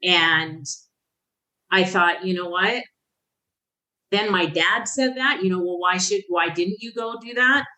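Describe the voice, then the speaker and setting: A woman in her fifties, a podcast guest, tells her own life story candidly and emotionally in a bright, forceful yet lowish voice. She speaks slowly with long pauses, often breaking off to restart sentences, and grows animated when reliving moments. The audio is poor.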